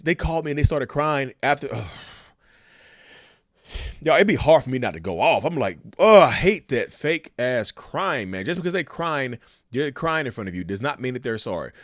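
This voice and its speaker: A man's voice: medium pitch, no echo, studio quality. A man giving casual, emphatic commentary on relationships, asking the viewers rhetorical questions and calling them y'all. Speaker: commentator sharing a narcissist's view.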